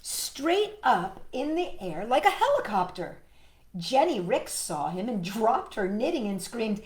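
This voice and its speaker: A woman hosting a children's storytime, reading a picture book aloud in a gentle, expressive way and chatting to a puppet. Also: a little high, measured pace. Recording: roomy echo, faint music.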